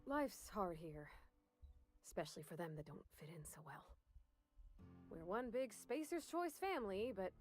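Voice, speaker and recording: A woman's voice: mid-range voice, lively intonation, a little slow, pauses often, soft background music, natural voice. An actress playing a shy, earnest young woman in a video game, speaking in a folksy, plainspoken and hesitant way.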